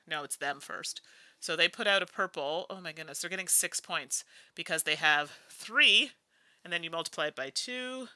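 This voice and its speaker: A woman's voice: lowish voice, bright, forceful tone, no echo. A woman hosting a solo board game playthrough. She talks through each move in a chatty, musing way, humming and laughing between moves. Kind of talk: casual think-aloud playthrough.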